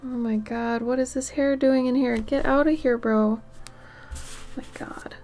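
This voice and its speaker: A tired woman chatting casually with viewers while she draws on a livestream, soft-spoken and often dropping into half-whispered asides. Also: sits high, fairly even intonation, measured pace, faint music behind. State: tired, yawning. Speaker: art livestreamer. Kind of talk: casual chat while drawing on stream.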